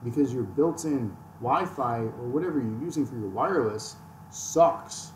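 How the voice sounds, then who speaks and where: A man's voice: medium pitch, moderate pace. A man chatting casually on a gaming podcast, ranting and joking about himself. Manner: ranting, self-mocking. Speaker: podcast host. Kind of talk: casual chat. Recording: echoey room, distant mic, faint noise.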